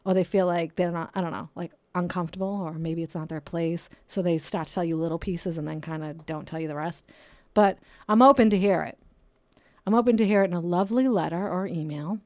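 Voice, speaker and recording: Lower-pitched woman hosting a chatty solo podcast. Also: a little fast, no echo. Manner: animated, voice swings up and down, jokey asides. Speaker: podcast host. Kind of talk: casual solo podcast monologue. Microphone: close podcast microphone.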